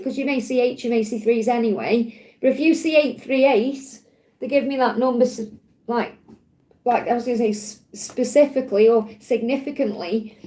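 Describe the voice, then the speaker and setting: A woman with a Stoke-on-Trent accent, giving a gentle, chatty card reading on a live stream and answering viewers. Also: sits high, poor audio. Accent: Stoke-on-Trent English. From England. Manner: gentle, reassuring, chatty with frequent restarts. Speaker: tarot and angel card reader.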